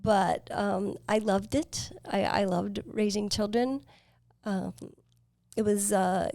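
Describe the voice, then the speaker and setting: A woman in her fifties, hosting a podcast, telling her life story in an earnest, reflective way with pauses and fillers. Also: medium pitch, vocal fry, darkish tone, no room sound, clean studio sound. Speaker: podcast host. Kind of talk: personal storytelling.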